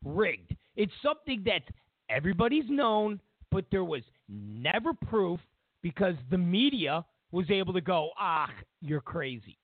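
A man's voice: sits high, big pitch swings, a little slow, no room sound. A man hosting a political commentary show, delivering an emphatic, opinionated monologue that repeats and lists points with sarcastic asides. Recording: tinny phone-like dry sound.

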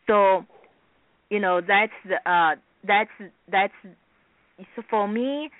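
A woman from China with a Chinese accent, whose first language is Mandarin, being interviewed as a guest actress on radio; she talks haltingly and restarts often, in simple non-native grammar. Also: mid-range voice, dry recording. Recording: dry, tinny phone line.

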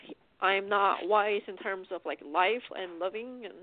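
A woman's voice: mid-range voice, a little slow, no echo. A woman calling in to a radio show, talking hesitantly with many fillers. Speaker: caller. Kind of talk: casual phone call. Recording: tinny phone line, dry.

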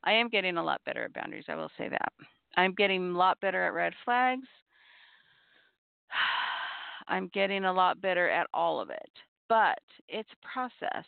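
A middle-aged woman speaks in an earnest, measured way, repeating her key points as she gives advice. Her voice has a gravelly edge. The sound is tinny and dry, like a phone line with no room around it. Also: lowish voice, very animated, no echo. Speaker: podcast host on abuse recovery. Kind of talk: reflective advice talk.

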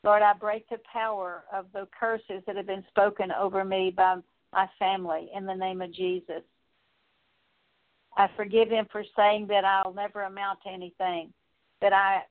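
A woman's voice: medium pitch, little pitch movement, moderate pace. A woman leading an earnest, repetitive spoken prayer of confession, with occasional fillers. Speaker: prayer leader. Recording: tinny phone-like audio.

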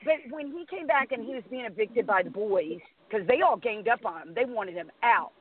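High-voiced middle-aged woman on a phone line. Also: moderate pace, a crowd in the background. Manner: animated storyteller, acts out quotes. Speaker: host. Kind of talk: casual chat.

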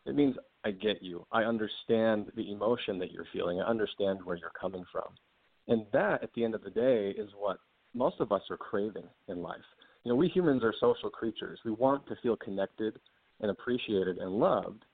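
A man's voice: fairly low pitch, creaky, slightly rough, no room sound. A man, an author, explaining his ideas as an interview guest in an earnest way and laughing easily. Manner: earnest, quick to laugh, acts out example dialogue. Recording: dry, tinny phone-like line.

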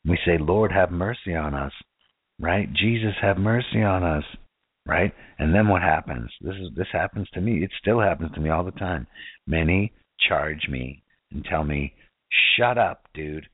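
Male preacher, low register, informal and questioning delivery; dry, lo-fi phone-quality audio. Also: moderate pace, slightly rough, no echo. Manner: casual, keeps asking "right?" and rhetorical questions. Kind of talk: sermon. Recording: tinny phone-like dry sound.

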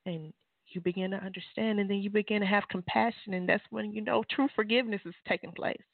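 A woman's voice: fairly even intonation, fast talker, creaky, no room sound. Fervent woman on a tinny phone line. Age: adult mother. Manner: fervent, preachy, swings into high exclamations. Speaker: author and guest. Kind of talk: testimony on a call-in show.

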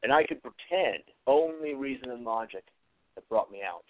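Speaking alone at medium pitch, the man hosting an atheist commentary show is expressive and moves at a moderate pace; his earnest, reflective talk features frequent hesitations and short phrases said again and again. The audio is tinny, phone-like, dry and echo-free.

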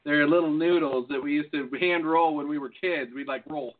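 A man co-hosting a casual podcast, talking loose and profane with frequent laughs. His voice sits a little high for a man. It comes through thin and tinny, like a phone line. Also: steady tone, moderate pace. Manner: loose, swearing, laughing often. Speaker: podcast co-host. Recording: phone-like lo-fi sound.

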